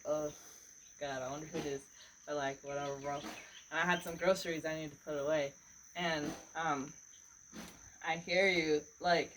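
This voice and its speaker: A woman's voice: low voice, a bit bright, a little hiss or hum, poor audio. A woman telling a story in casual chat, rambling, with lots of "like" and "bro", laughing often. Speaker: podcast co-host.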